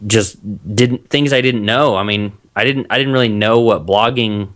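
Low-voiced Texan man, easygoing guest. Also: normal speed, a bit bright. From Texas. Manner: easygoing, reflective, with frequent restarts. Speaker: guest, author and blogger. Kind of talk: casual interview chat.

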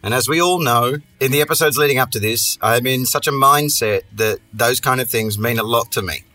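A man's voice: mid-range voice, brisk, pushed and bright, dry recording. A man hosting a podcast, telling a story in a casual monologue full of profane, sardonic, rambling asides. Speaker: podcast host.

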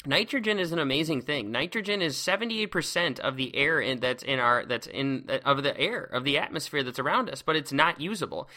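A man's voice: on the high side, lively intonation, a little fast, few pauses, sharp tone. A man hosting a casual science lecture podcast, seated at a close microphone, exuberant and playful, heaping on words like awesome. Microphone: close microphone, speaking seated.

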